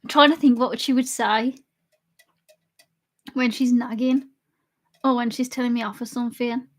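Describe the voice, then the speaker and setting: A woman's voice: a little high, fairly even intonation, normal speed. A young woman live streamer chatting casually with her chat and laughing often while she drinks. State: drinking alcohol.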